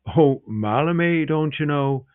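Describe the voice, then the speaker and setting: A man's voice: a little high, a little slow, pitched above the performer's own voice, close to an everyday voice. A man voicing an affable, effete young librarian who talks in a gushing, mannered way. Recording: tinny, phone-like sound.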